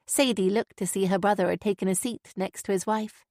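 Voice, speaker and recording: A woman narrates an audiobook from a script in a measured, even voice at a middle pitch. The recording is dry and close, with no room sound or echo.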